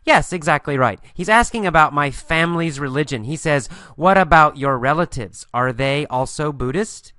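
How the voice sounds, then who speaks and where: A man's voice: a little high, animated, sharp tone, clean tone, dry recording. Patient man teaching English, dry mic. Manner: slow, patient, repeats key phrases and answers his own questions. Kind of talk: English listening lesson with questions and answers.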